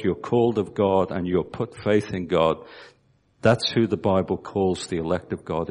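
A man's voice: fairly low pitch, a little mellow. A man preaching a sermon, asking his listeners rhetorical questions. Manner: asks the congregation rhetorical questions.

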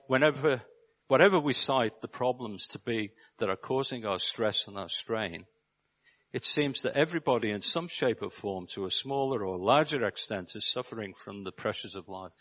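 A preacher from Liverpool with a Scouse accent, giving a measured sermon and putting rhetorical questions to his listeners. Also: mid-range voice, a bit bright, muffled recording. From Liverpool, England.

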